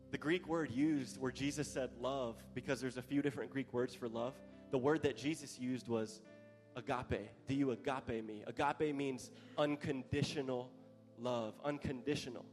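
A male pastor preaching a sermon with passion, growing louder at the climaxes. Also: medium pitch, steady tone, normal speed. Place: church hall. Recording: live church hall with long reverb and soft music.

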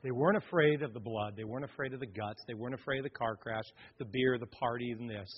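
Husky male preacher in an echoey hall. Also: mid-range voice, quick pace. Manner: dramatic storytelling, swinging from loud to hushed. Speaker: pastor. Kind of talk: sermon. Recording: echoey hall, dull lo-fi sound.

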